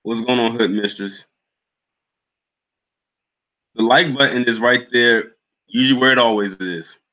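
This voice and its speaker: A man's voice: medium pitch, unhurried, sharp tone, low-quality recording. A young man hosting a livestream, chatting loosely and greeting commenters by name. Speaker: livestream host. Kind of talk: casual live chat with viewers.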